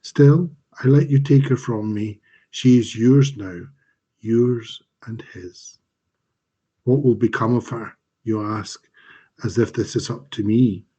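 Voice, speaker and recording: Slow, measured and dramatic, the author reads his own dark fantasy fiction on a live stream using a home mic. His medium-pitched voice is slightly rough, and the recording has its highs cut off.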